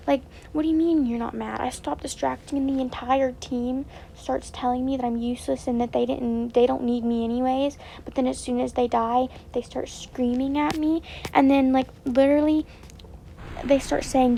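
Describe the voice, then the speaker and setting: A woman's voice: sits high, steady tone, normal speed, gravelly, dark tone, a little hiss or hum, poor audio. A woman streamer giving upset personal commentary, rambling and repeating herself with many fillers and restarts. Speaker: game streamer.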